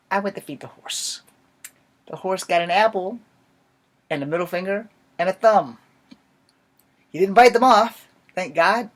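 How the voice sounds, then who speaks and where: A young man telling a funny personal story in casual, swearing storytime style, jumping from low mutters and whispers to loud outbursts. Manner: sometimes drops to a whisper. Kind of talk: casual profane storytime monologue.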